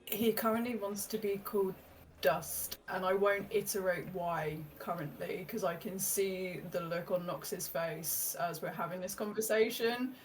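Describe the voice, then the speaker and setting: A woman playing a tabletop role-playing game, speaking softly and tenderly, often repeating herself. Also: medium pitch, fairly even intonation, a little slow, far from the mic, slight background noise, rough recording. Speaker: player.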